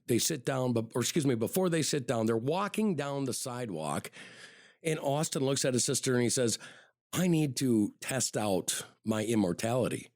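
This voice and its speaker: A man's voice: mid-range voice, darkish tone, no room sound, clean studio sound. Man telling a true-crime story casually. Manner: conversational, repeats words and says "you know" often. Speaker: podcast host.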